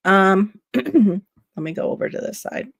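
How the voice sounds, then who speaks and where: A woman's voice: medium pitch, lively intonation, a little slow, creaky, no room sound. Chatty nasal woman hosting a livestream. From Florida. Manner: chatty, reads viewer comments and answers them aloud. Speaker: livestream host. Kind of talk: casual livestream chat with viewers.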